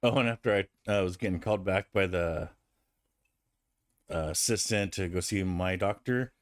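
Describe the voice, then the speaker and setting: A man's voice: low-pitched, moderate pace, dry recording, clean studio sound. A man casually telling a rambling personal anecdote, with frequent restarts and fillers. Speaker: vlogger. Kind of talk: casual storytelling.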